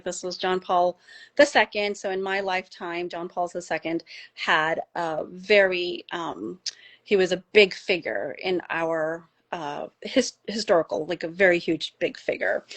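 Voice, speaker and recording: A middle-aged American woman, a doctor appearing as a podcast guest, shares a personal story in casual conversation. She's animated, and her voice climbs high when emotion takes over.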